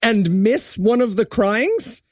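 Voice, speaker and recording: A man co-hosting a comedy podcast, riffing excitably and laughing at his own jokes. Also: sits high, slow pace, no room sound, studio quality, soft background music. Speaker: podcast co-host. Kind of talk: comedic movie-review banter.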